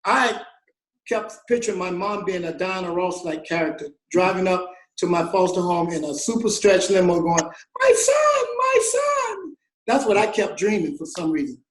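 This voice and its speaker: An animated male interview guest with a high voice, spinning a story and acting out the people in it. The sound rings a little in an echoey room, and he often breaks into laughter between lines. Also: moderate pace. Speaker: guest musician.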